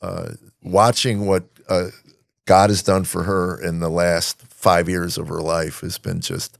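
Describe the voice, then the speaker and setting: A man with a deep, gravelly voice chats as a podcast host. He talks in halting bursts full of fillers and restarts. The sound is close and dry, with no room around it. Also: flat delivery, no echo. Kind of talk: casual chat.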